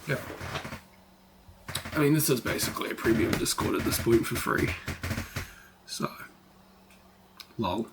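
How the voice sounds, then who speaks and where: A man's voice: mid-range voice, animated, unhurried, long pauses, background noise. A man teaching trading on a live stream, talking casually, swearing freely and saying "like" a lot. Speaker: trading educator.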